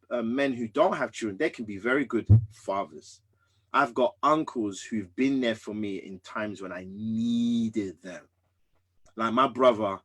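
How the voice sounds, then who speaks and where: A man in his thirties, a podcast guest, candidly telling a personal story in an earnest, emphatic way that swings between loud and hushed. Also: medium pitch.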